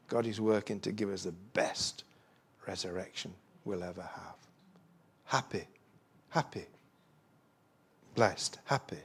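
Male preacher, husky tone, rambling sermon with emphatic bursts. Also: medium pitch, darkish tone. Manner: rambling, folksy asides, emphatic rising bursts.

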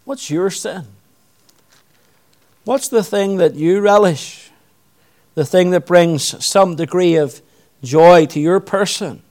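A man preaching a sermon, reading scripture aloud and then exhorting his listeners, swinging from loud intensity to hushed, earnest appeals. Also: sits high, slow, long pauses.

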